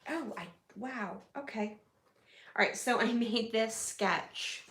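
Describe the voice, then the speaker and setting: A woman's voice: fairly high pitch, takes it slowly, a bit bright, echoey room. A woman with a nasal voice from a cold, chatting casually while hosting a live scrapbooking stream at home. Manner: chatty, rambling, self-correcting. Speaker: scrapbooking livestream host.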